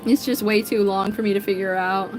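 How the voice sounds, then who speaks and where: Speaking fairly quickly in a mid-range voice with fairly even intonation, a livestream artist host from the United States chats with her audience. Background music plays as she warmly greets viewers by name and reads out their comments.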